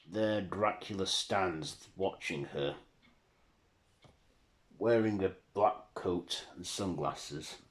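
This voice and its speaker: A man's voice: low-pitched, drawn-out words. A man narrating a horror fan story in a plain, unpolished reading.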